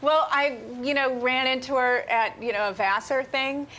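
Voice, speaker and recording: An actress speaking as a talk show guest, effusive and emphatic. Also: female voice, high voice, moderate pace, pushed and bright.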